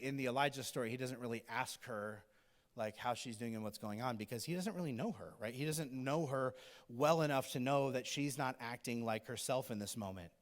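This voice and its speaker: A male pastor preaching a sermon in a casual, animated, conversational way, sometimes acting out the people in the story. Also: mid-range voice. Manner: conversational, animated, acts out characters. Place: church auditorium. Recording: long hall reverb.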